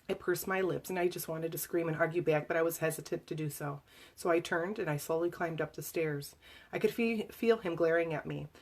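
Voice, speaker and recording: A woman with a fairly low voice reads her own memoir aloud to people listening live. Her delivery is emotional and halting, full of fillers and restarts as she works through the text. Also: darkish tone. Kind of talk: memoir reading to a live audience.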